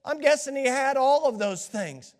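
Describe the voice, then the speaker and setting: High-voiced man preaching in a reverberant church. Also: lively intonation, normal speed. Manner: impassioned preaching, swings from hushed to shouting. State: scratchy throat from a cold. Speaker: pastor. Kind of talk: sermon. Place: church sanctuary. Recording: long reverb of a large hall.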